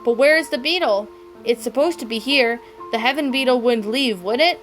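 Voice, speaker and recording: Fussy, scolding female warrior, woman doing the voice, pitched up, light music underneath. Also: fairly quick, close to an everyday voice. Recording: faint background music.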